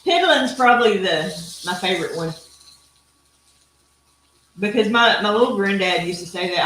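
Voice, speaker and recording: A woman's voice: mid-range voice, lively intonation, moderate pace, pauses often, fairly bright tone, echoey room, slight background noise, poor audio. A middle-aged woman from Texas with a Texan accent, hosting a cooking live stream in a chatty, folksy way with rambling asides. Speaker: cooking show host. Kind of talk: casual live-stream chat while grilling.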